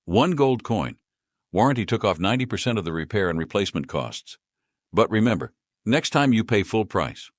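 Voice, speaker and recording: A man's voice: fairly low pitch, very animated, moderate pace, no room sound, voice pushed up. Brief: a man playing an easygoing enchanter shopkeeper, voice raised above his own, dry. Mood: friendly. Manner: easygoing, wry. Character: calm good-humored male enchanter shopkeeper.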